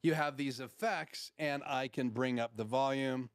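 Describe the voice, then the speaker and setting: A man's voice: mid-range voice, measured pace. A man hosting a casual live stream, walking through his studio audio gear in an explanatory way with frequent fillers. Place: home studio.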